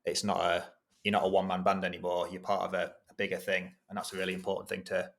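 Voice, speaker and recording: A man speaks in a low, fairly flat voice. He is a podcast guest chatting casually and self-deprecatingly about his freelance work, laughing easily along the way. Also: fast, gravelly.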